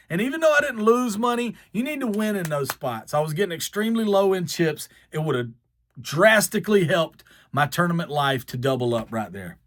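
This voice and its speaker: A man from the American South with a long drawn-out Southern accent, telling a self-mocking story. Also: fairly high pitch, no room sound, studio quality. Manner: drawled, self-mocking, animated. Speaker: vlogger. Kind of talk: storytelling to camera.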